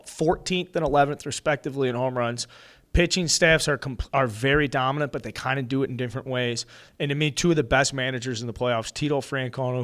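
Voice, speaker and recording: A man co-hosting a baseball podcast, talking casually and reading an ad in an excitable, rambling way with some swearing. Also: mid-range voice. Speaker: podcast co-host. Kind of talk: casual sports podcast chat with ad read.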